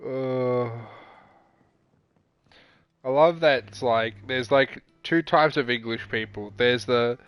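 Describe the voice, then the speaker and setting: A male streamer chats casually as he plays, rambling and swearing a lot. His voice is mid-pitched and dry, close to the mic. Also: slow pace, pauses often, clear, resonant tone, no echo, muffled recording, soft background music. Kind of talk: casual live-stream chat.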